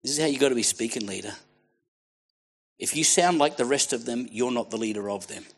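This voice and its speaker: An Australian man preaching a sermon to a congregation, fervent and exhorting, dropping to hushed tones and then rising to near shouts. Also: mid-range voice, a little fast, breathy edge.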